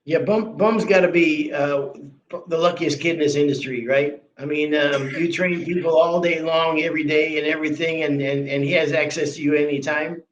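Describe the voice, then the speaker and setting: A man's voice: on the high side, steady tone, moderate pace, muffled recording, slight background noise. A man, a flooring trainer, chatting casually and rambling a bit with restarts. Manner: rambling, many restarts and fillers. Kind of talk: casual chat.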